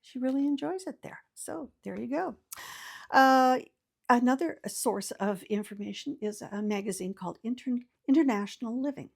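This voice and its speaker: A woman's voice: on the high side, animated, normal speed, creaky. An older woman, host of her own channel, giving casual, folksy advice to camera with many fillers and restarts.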